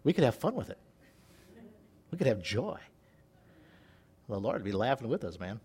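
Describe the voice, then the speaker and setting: A man's voice: medium pitch, sing-song, moderate pace, darkish tone, breathy edge. A man preaching a sermon as pastor, folksy and joking, reading scripture aloud between his comments. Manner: folksy and joking, laughs at his own asides.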